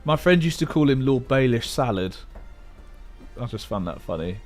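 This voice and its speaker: A man's voice: mid-range voice, very animated, normal speed, a little mellow, soft background music. A young man hosting a casual livestream, muttering word guesses aloud with playful, self-mocking asides. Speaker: livestream host. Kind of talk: casual livestream chat while playing a word game.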